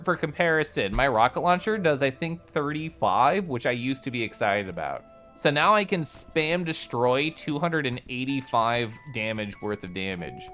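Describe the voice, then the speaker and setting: Brief: excitable streamer, lively swooping voice, mumbles then bursts out, game music under it. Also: medium pitch, normal speed. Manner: chatty, excitable, reads chat aloud; swings from mumbled to loud bursts. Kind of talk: casual gameplay commentary.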